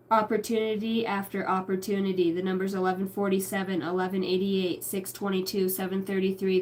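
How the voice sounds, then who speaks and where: A woman giving a channeled tarot reading, rambling through names and numbers and swearing casually. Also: mid-range voice. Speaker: psychic reader.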